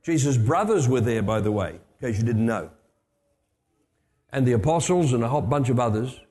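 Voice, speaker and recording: An older man preaches a storytelling sermon in a warm, mellow voice, with chatty asides and restarts. His words ring out with a long hall reverb. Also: mid-range voice, expressive, moderate pace.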